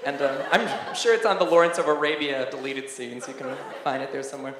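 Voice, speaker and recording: A man from Ohio doing stand-up comedy in a club, excitable and prone to squeaky outbursts. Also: a little fast. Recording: echoey club, noisy.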